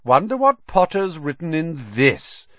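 A man's voice: on the high side, big pitch swings, a little slow, no room sound, pitched above the performer's own voice. Sneering schoolboy, cold drawl, read by a man, muffled dry audio. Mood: taunting.

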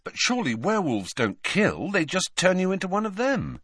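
A man voicing an earnest, quick-tempered teenage boy in an audiobook. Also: sits high, huge pitch swings, fairly bright tone, breathy edge, no room sound, clean studio sound, voice pushed up, exaggerated voice. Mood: shocked.

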